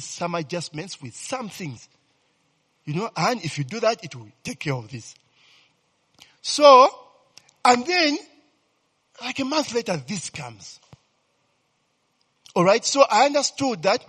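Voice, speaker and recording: A man preaching a sermon in a lively, animated way, often checking in with his listeners by asking if they understand. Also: a little high, husky, in a large hall. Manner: animated, repeatedly asks "you understand, eh?".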